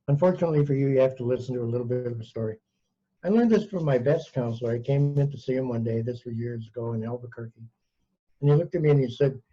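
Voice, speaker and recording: A man's voice: medium pitch, a little fast, dark tone, slightly rough. A man co-hosting a talk show, telling an anecdote dryly and wryly and playing both sides of a conversation. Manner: wry, dry storytelling that plays both sides of a dialogue. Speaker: co-host. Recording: dull, muffled sound.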